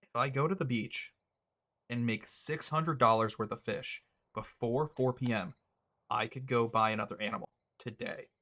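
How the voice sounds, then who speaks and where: A young man casually commentating his own gameplay, thinking out loud with a wry, chatty manner. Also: medium pitch, moderate pace. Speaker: gaming streamer. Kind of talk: casual let's-play commentary.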